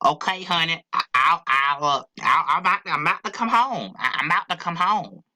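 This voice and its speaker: A man's voice: fairly high pitch, lively intonation, fairly quick, pushed and bright, voice pushed up. A man voicing a panicky redneck man who yelps and cries for help in an improvised amateur voice act. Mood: breezy. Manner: yelping, frantic cries for help.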